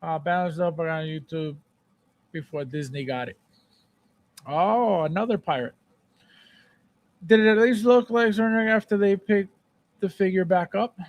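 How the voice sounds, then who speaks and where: A man hosting a casual live stream, chatting with viewers, repeating phrases and breaking into playful shouted bits. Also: high-pitched, measured pace, long pauses, dry recording. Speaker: livestream host. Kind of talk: casual live chat reading viewer comments.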